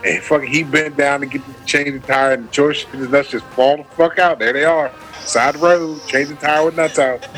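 A man's voice: on the high side, normal speed, faint music behind, rough recording. A man co-hosting a casual podcast, telling a rowdy story with lots of swearing and acted-out quotes. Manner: animated storyteller, acts out quotes, swears freely. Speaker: podcast co-host.

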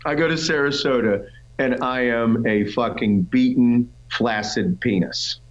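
A pro bodybuilder, guesting in a casual interview, tells his story bluntly and with plenty of swearing, voicing other people in quotes. His mid-range voice is a little slow, and the sound is lo-fi.

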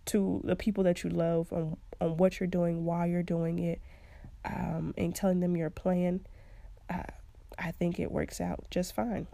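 A woman's voice: fairly low pitch, little pitch movement, measured pace, gravelly, mellow, no room sound. A young woman hosting a podcast, giving casual advice in a chatty way and laughing often. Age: young adult. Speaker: podcast host.

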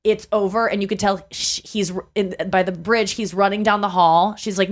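A chatty woman hosting a podcast in a casual, rambling way, with fillers and quick restarts. Her pitch sits right in the middle for a woman, neither high nor low. She laughs easily as she talks. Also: steady tone. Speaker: podcast host. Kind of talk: casual chat.

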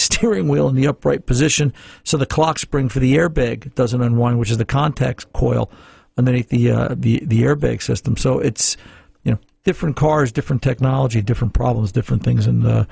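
A man's voice: medium pitch, vocal fry, a little mellow, breathy edge, no room sound, clean studio sound. A middle-aged man hosting a radio car-repair show, talking casually and rambling with fillers and restarts.

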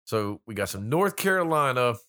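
A man's voice: medium pitch, big pitch swings, moderate pace, bright, forceful tone. A man co-hosting a casual chat, blunt and skeptical, swearing freely and riffing jokes. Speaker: podcast co-host.

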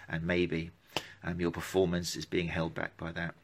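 A man's voice: sits low, completely flat delivery, moderate pace. A man who runs gait analysis for runners, talking casually on a live stream and answering viewer questions in a rambling, self-interrupting way. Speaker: running gait analysis clinician.

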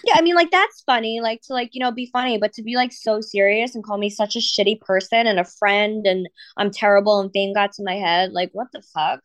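A woman's voice: medium pitch, fairly even intonation, fairly quick, few pauses, dry recording. A woman co-hosting a casual podcast, upset after crying, venting with lots of swearing and fillers. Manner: emotional, swearing, filler-heavy. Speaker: podcast co-host. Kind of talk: casual chat.

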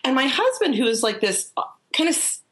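A woman, a life coach, telling stories in a casual interview, rambling with restarts and acting out what people said. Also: brisk. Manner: animated, acts out quoted people in a higher voice.

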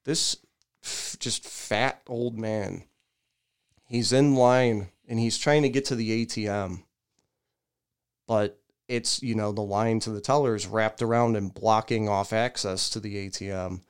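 A man's voice: fairly low pitch, moderate pace, clear, resonant tone. A man co-hosting a podcast, telling a rant in casual chat and acting out people he talks about. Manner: animated ranting storyteller, mimics people in loud raised voices. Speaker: podcast co-host.

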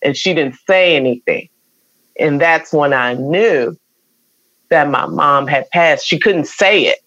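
A woman's voice: deep voice, slow pace, fairly bright tone, no echo, dull audio. Earnest woman telling a painful story. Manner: emotional, earnest, acts out quoted voices. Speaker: guest. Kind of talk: personal storytelling in an interview.

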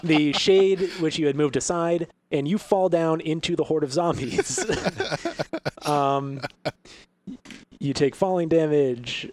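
A man's voice: on the high side, lively intonation, slow, darkish tone. A man narrating as game master of a tabletop game, describing scenes loosely with fillers and frequent chuckles.

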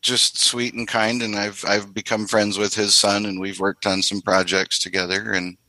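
A man's voice: on the low side, normal speed, no echo, rough recording. A man, a guest artist on a podcast, chatting casually and acting out quotes as he tells stories. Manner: animated storyteller, acts out quotes.

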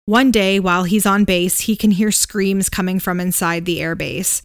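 Relaxed and hedging, a woman co-hosting a podcast retells a ghost story with plenty of "um"s and "like"s. Her voice sits at medium pitch and moves at a normal speed, recorded with studio quality and no echo.

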